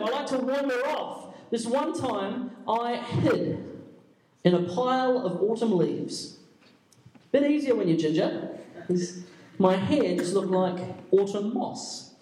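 A young man who works as a youth pastor tells playful, self-deprecating stories to a youth crowd. His voice sits very high. The sound is roomy and echoing, picked up from some distance away. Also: a little mellow. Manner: playful, self-mocking, jokey asides. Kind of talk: comic storytelling talk to a youth audience. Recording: echoey room, mic at a distance.

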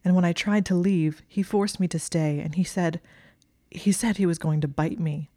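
A shaken, emotional young witch with a low, hushed, breathy voice, as a woman reading the story puts her on. The tone is dark and flat, and the recording is dry and close. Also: normal speed, dry recording, natural voice. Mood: upset, angry.

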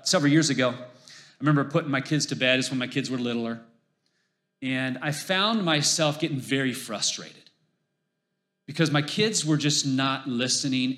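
A man's voice: medium pitch, sharp tone. A middle-aged man preaching a sermon as pastor, conversational and emphatic, repeating phrases for emphasis.

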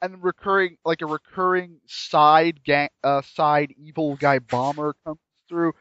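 A man's voice: a little high, steady tone, a little slow, a bit bright. A man chatting casually and enthusiastically about a game, rambling with frequent restarts, on dull lo-fi audio. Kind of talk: casual chat reviewing a game.

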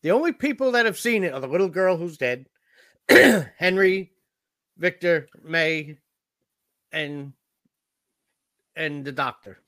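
A man with a high, bright voice on a podcast, chatting bluntly about a movie and cursing freely. The sound is close and dry. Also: expressive, slow, pauses often, dry recording. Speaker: podcast co-host. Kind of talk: casual movie discussion.

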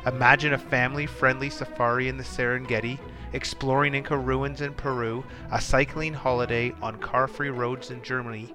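A man's voice: mid-range voice, level tone, moderate pace. Man reading an ad over music. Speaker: podcast host. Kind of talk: sponsor read and show intro. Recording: music bed behind voice.

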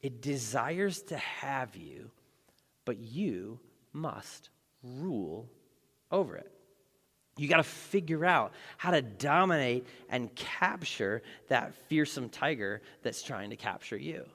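A male pastor preaching a sermon in a conversational, joking way with dramatic emphasis, in a large church hall. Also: medium pitch.

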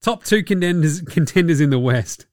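A man with an Australian accent hosting a sports podcast, ranting casually with animated, mocking and sweary banter. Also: fairly high pitch, normal speed, no room sound, studio quality.

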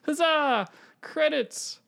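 A young man co-hosting a podcast, rambling through a story in excitable casual chat. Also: very high voice, very slow, gravelly. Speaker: podcast co-host.

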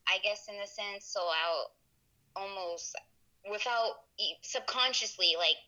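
A woman's voice: mid-range voice, unhurried, sharp tone, dull audio. A woman from New York with a New York accent, a guest on a video call podcast, talking in a rambling way with many fillers. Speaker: guest, entrepreneur. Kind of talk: casual interview chat.

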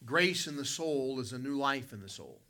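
Bright-voiced man preaching a story sermon. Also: mid-range voice, animated, moderate pace. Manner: folksy, vivid storyteller addressing the congregation. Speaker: pastor. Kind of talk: evening sermon with personal storytelling. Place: church sanctuary.

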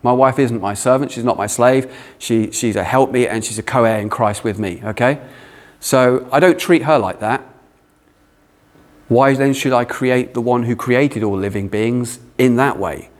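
A man preaching a sermon, animated with playful asides. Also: medium pitch, moderate pace. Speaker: pastor.

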